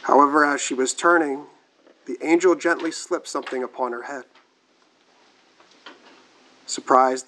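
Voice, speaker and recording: A male priest reading scripture and giving a sermon in a measured, formal liturgical manner. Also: medium pitch, a bit bright, poor audio.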